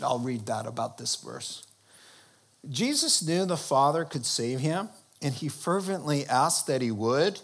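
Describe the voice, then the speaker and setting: During his sermon, this preacher asks the congregation questions and makes his points through bursts of high, forceful emphasis.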